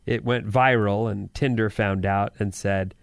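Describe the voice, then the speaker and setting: A man's voice: fairly low pitch, fairly even intonation, unhurried, vocal fry, dry recording, studio quality. A man co-hosting a morning radio show, telling a story in playful banter and laughing easily. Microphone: studio microphone.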